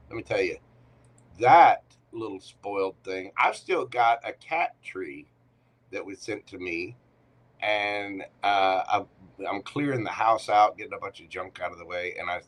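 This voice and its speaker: A man's voice: sits low, fairly bright tone, a little hiss or hum, low-quality recording. A man hosting a casual live tarot reading, chatting to viewers and talking to himself as he shuffles cards at home. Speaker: tarot reader.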